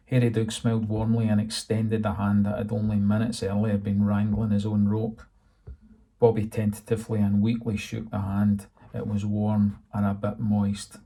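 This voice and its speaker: A man narrates his own novel in a low, flat, gravelly voice. His tone is dark and husky, and he tells the story in a dry, steady way. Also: normal speed. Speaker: author reading his novel. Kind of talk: audiobook narration.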